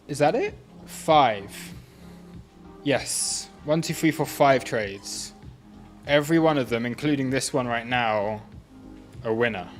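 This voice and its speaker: A man's voice: mid-range voice, slow, long pauses, faint music behind. Chatty man streaming live. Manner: chatty, self-amused, laughs often. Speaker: livestream trading host. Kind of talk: casual live-stream chat.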